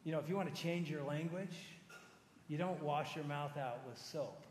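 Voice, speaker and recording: A man in his fifties with a notably high voice delivers a sermon in a relaxed, animated storytelling way. His voice rings around a large church auditorium, trailing a long hall reverb behind each phrase. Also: normal speed, a little hiss or hum. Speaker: pastor.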